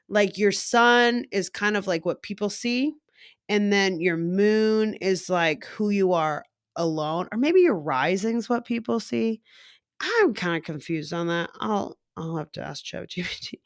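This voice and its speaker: Young woman, casual horoscope chat, blunt and swears, mid pitch, dry close sound. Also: fairly bright tone, no echo. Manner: blunt, chatty, swears freely. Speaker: vlogger.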